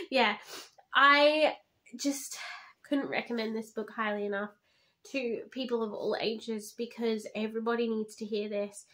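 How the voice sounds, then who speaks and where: A woman's voice: on the high side, a bit bright. A woman reviewing a book in a casual vlog, gushing and heartfelt, often using "like" as filler.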